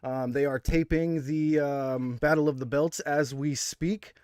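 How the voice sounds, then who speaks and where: A man's voice: on the high side, steady tone, measured pace, a little mellow, smooth, no echo, studio quality. A man hosting a wrestling review podcast, upbeat and hyped, with lots of fillers. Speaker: podcast host. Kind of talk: casual wrestling podcast chat.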